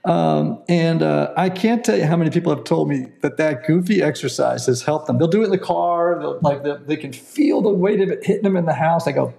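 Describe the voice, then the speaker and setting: A man's voice: a little high, a little fast, vocal fry, hardly any pauses, dark tone. A man being interviewed as a counselor and author, explaining ideas earnestly and often checking in with "right?". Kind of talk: conversational interview.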